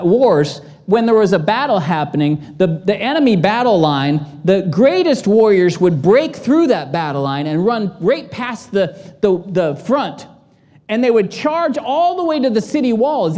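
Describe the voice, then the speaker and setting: A woman pastor delivering a sermon, animated and acting out the voices in the story. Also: medium pitch.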